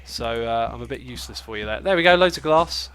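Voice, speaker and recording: A man's voice: mid-range voice, lively intonation, fast, a bit bright, a little hiss or hum. A man with a stuffy, congested nose hosting a casual gaming livestream, chatting and thinking aloud as he plays. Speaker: livestream host.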